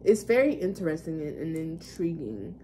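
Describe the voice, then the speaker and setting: Candid rambling woman vlogger, low voice. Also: big pitch swings, moderate pace, warm tone, slight background noise. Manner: candid, rambling, swears casually. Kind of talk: casual storytelling monologue.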